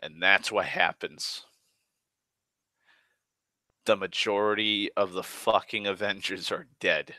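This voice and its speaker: A man giving a rambling, profane recap of a film, excitable and full of restarts. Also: low voice, takes it slowly, long pauses, no room sound. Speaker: movie vlogger.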